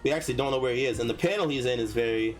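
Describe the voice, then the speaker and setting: A man co-hosting a podcast in casual chat, agreeable and quick to back up the others, with frequent filler words. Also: mid-range voice, soft background music, poor audio. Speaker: podcast co-host.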